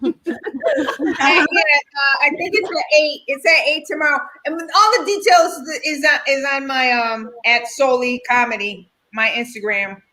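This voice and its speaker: High, bright, hesitant woman comedian. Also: measured pace, poor audio. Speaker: comedian guest.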